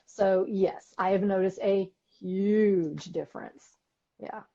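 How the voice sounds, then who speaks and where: A woman with a Texan accent, co-hosting a podcast in casual chat, talkative and quick to laugh, acting out quotes as she tells stories. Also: mid-range voice, creaky, dark tone, lo-fi sound. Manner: chatty, laughs often, acts out quotes. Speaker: podcast co-host. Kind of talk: casual chat on a live stream.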